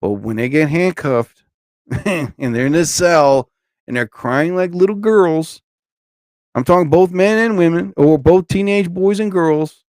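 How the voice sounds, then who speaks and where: A man's voice: on the high side, measured pace, a little mellow, dry recording. A man in his forties hosting a live stream, ranting in a blunt, emphatic way and stopping to greet viewers in the chat.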